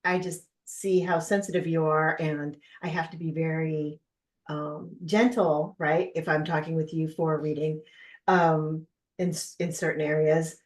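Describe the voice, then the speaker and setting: A woman's voice: low voice, fairly even intonation, unhurried, a little mellow. A woman hosting a podcast, speaking with emphatic enthusiasm as she asks her guests for their views. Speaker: podcast host. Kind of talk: casual podcast chat.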